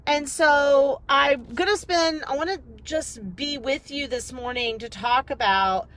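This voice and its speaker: A woman business coach chatting casually on a live video, rambling and energetic, talking into a phone while driving. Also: sits high, measured pace, rough recording.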